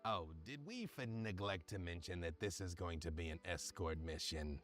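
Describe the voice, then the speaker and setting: A man's voice: sits low, lively intonation, normal speed, a bit bright, faint music behind, pitched below the performer's own voice. A man voicing a snide floating being called Glasses, feigning polite innocence. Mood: mock innocent.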